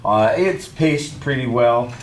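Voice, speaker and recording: A male public speaking instructor giving a student measured, frank feedback on a speech, with hedged praise. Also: medium pitch, a little hiss or hum. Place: classroom. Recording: echoey classroom.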